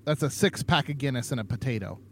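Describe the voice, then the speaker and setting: A man's voice: medium pitch, quick pace, a little hiss or hum. A tipsy man co-hosting a podcast, rambling in casual chat and laughing often. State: tipsy from drinking. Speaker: podcast co-host.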